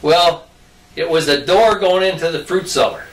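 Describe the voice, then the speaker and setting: A man's voice: a little high, moderate pace. An older man telling childhood stories in a rambling, folksy way. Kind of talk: casual storytelling. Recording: roomy distant mic, faint noise.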